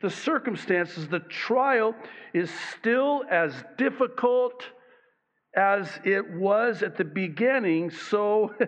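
A man preaching a sermon, slow and emphatic, with dramatic pauses on key phrases. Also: high-pitched. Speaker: pastor. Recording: dull lo-fi recording.

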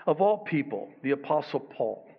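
A man preaching a sermon, slow and emphatic, with dramatic pauses on key phrases. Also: on the high side, very animated, husky. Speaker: pastor. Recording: dull lo-fi recording.

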